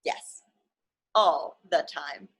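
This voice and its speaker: A woman's voice: deep voice, drawn-out words, gravelly, husky, voice pushed down, exaggerated voice. A woman voicing a cheerful, playful young female pig in a storybook reading, with a bouncy, eager manner. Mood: reassuring.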